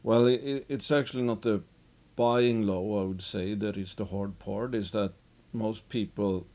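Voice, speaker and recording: A man giving casual, unhurried investing commentary as host of his own show, rambling a bit with restarts. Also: lowish voice, steady tone, mellow.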